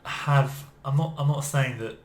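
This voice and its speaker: A man chats as a podcast co-host, animated and eager, often hunting for the right word. His pitch is a plain middle one. His voice bounces around an echoey room. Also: measured pace, a little hiss or hum. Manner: animated, searching for words, many fillers. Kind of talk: casual chat.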